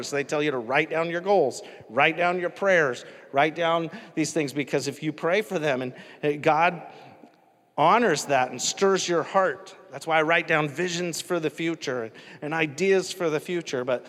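A man's voice: fairly high pitch, normal speed, a bit bright, long reverb tail. A male pastor preaching a sermon in a casual, conversational way, often asking the congregation questions.

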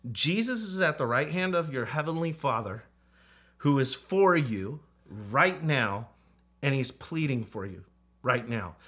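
A man's voice: mid-range voice, sharp tone. A man preaching a sermon as a pastor, earnest and repetitive, with playful asides to children.

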